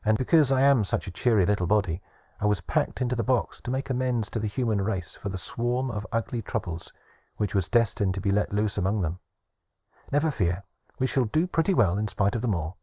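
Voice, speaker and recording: A man's voice: lowish voice, fairly quick, warm tone, no echo, studio quality, lightly acted. A man voicing Hope, a sweet, cheerful little female fairy who speaks in an arch, coaxing way in an audiobook. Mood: reassuring. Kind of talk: audiobook narration.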